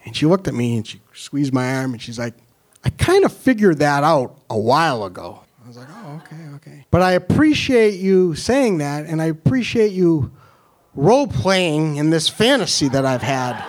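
A young man with a New York accent telling a funny personal story, animated and self-deprecating, with halting restarts. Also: on the high side. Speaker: storyteller and comedian. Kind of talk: comedic personal story told to an audience.

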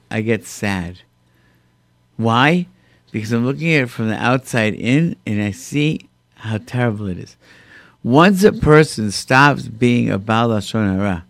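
A man's voice: mid-range voice, fairly bright tone, no room sound. A man telling stories in a casual conversation, acting out quoted speech and mixing in Hebrew and Yiddish terms.

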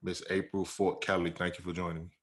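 Deep-voiced man hosting a podcast. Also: level tone, fast. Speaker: podcast host. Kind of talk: casual interview chat.

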